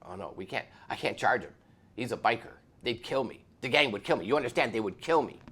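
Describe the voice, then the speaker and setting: Narrator doing scared biker's girlfriend, tough but anxious, insisting, voice swinging high and low. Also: lively intonation, brisk, fairly bright tone, slightly rough.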